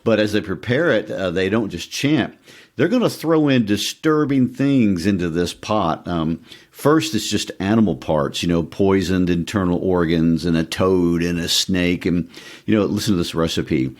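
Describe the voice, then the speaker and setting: A man's voice: low voice, animated. A man co-hosting a podcast, discussing a play in a casual, conversational way with frequent fillers. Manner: conversational, many fillers, reads recipe lists slowly. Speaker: podcast co-host.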